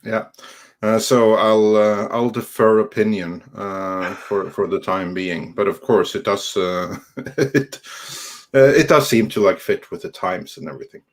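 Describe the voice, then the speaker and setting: Male co-host, halting delivery, deadpan sarcasm in casual chat. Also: on the low side. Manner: hesitant, many fillers, deadpan sarcasm. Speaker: co-host, film reviewer.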